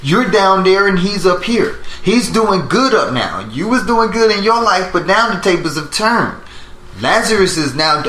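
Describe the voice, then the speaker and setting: A man leads a Bible class, drawing answers out of his students with question after question and echoing their replies back. His voice is bright and a little high. The room is echoey, with a faint hiss underneath. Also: lively intonation. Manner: probing, repeats answers back, slows down to stress points. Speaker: teacher leading a Bible study.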